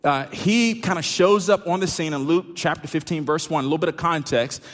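A man's voice: fairly high pitch, brisk. Man preaching in a reverberant hall. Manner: conversational, filler-heavy preaching. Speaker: pastor. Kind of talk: sermon. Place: church sanctuary.

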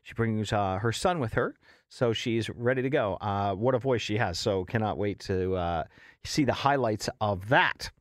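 A man's voice: lowish voice, normal speed, dry recording. A man hosting a morning radio show in casual, jokey chat, laughing often.

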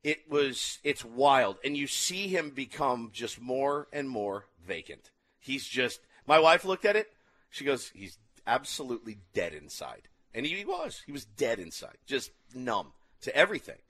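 Male co-host, animated storyteller with lively pitch. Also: a little slow. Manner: animated storytelling, acts out quotes. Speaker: podcast co-host. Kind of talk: casual chat reviewing a documentary.

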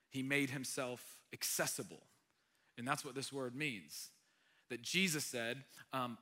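Earnestly delivering a sermon, a male pastor swings between loud, emphatic lines and hushed ones that are nearly whispered. His pitch is medium.

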